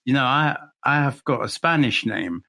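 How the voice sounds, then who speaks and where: An English man co-hosting a podcast in a relaxed chat. His pitch swings up and down a lot, and he stops and restarts his sentences, slipping laughs in between phrases. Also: moderate pace, creaky. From England. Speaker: podcast co-host. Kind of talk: casual chat.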